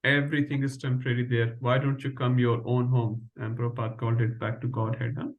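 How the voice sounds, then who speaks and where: A man's voice: mid-range voice, little pitch movement, quick pace, phone-quality sound. A man teaching an online scripture class, emphatic and full of rhetorical "huh?" tags.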